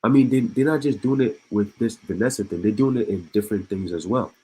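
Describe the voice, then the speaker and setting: Guy reading news and riffing on it, low husky voice, keeps stopping to laugh and restart. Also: a little fast, warm tone, rough recording. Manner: reads news aloud and breaks off with laughs and asides; repeats and restarts words. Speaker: online commentator. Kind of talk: casual reading and commentary.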